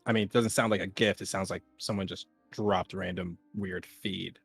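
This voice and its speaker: A man's voice: sits low, fairly even intonation, moderate pace, gravelly, breathy edge, dry recording, soft background music. A man playing a tabletop role-playing game, talking in a rambling, hesitant way. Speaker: player. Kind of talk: casual role-play talk in character.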